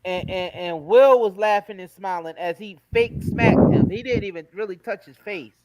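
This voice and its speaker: A man hosting a casual talk show, talking in an animated, emphatic, slangy way. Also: high voice, normal speed, background noise. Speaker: host. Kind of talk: casual chat.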